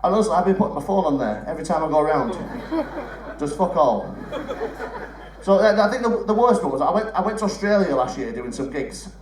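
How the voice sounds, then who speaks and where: Very animated and talking a little fast, this young comic does live stand-up in a theatre, bantering with and ribbing the audience while cursing liberally. His pitch sits on the high side, and the off-mic recording carries a spacious theatre echo.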